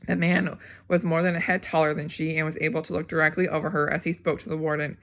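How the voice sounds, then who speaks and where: A woman reads a novel aloud at a steady pace, with small slips and restarts. Her voice has a gravelly edge. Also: deep voice, quick pace. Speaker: audiobook reader.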